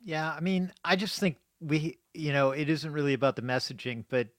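A man's voice: fairly high pitch, steady tone, moderate pace, dry recording, studio quality. A man speaking as a political commentator on a radio panel, thoughtful and hedging with fillers.

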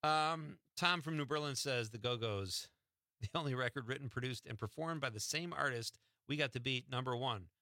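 A man's voice: mid-range voice, normal speed, pushed and bright, no room sound. A man hosting a radio show from the studio, chatting casually and teasing his co-host. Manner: joking, teasing.

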